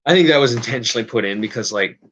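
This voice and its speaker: A man's voice: mid-range voice, animated, very fast, fairly bright tone, slight background noise, rough recording. A man hosting a casual livestream chat, rambling and hesitant, often restarting and correcting himself. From Canada. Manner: rambling, hesitant, self-correcting with many fillers. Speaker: livestream host.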